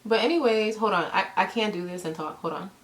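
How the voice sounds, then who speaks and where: A woman's voice: medium pitch, a little fast, a little hiss or hum. A woman chatting casually to camera while doing her makeup, playful and a little nervous. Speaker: beauty vlogger.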